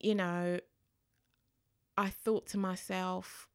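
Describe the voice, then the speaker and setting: A woman's voice: lowish voice, extremely slow, smooth, no room sound, studio quality. A woman from England chatting casually as a guest, telling a personal story and acting out the voices of people she quotes. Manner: animated, acts out voices in quotes.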